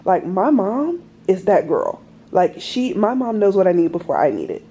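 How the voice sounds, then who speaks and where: A woman in her twenties chatting casually to camera as a vlogger, rambling through a story with lots of fillers and lively asides. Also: mid-range voice, normal speed, breathy edge. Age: 20s. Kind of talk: casual chat.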